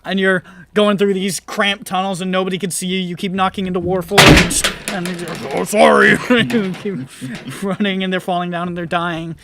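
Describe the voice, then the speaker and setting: Male game master, high voice, laughs through his narration, quick voices for bystanders. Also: steady tone, a bit bright, a little hiss or hum. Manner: laughs often, acts out passersby.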